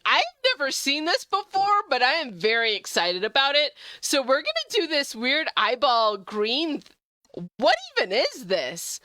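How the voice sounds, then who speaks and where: A young woman streaming a game, chatting with viewers in a bubbly, gushing way, jumping high when excited. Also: a little slow. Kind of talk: casual gameplay stream chat.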